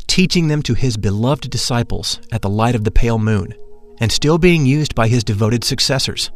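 A man reading a first-person story aloud in a measured, reverent way. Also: medium pitch. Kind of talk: scripted narration. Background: faint music.

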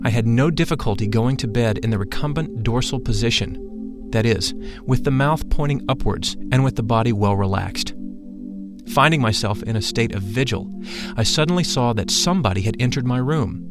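A man reading a spiritual first-person memoir aloud in a measured, solemn manner. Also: mid-range voice, music in the background. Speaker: narrator.

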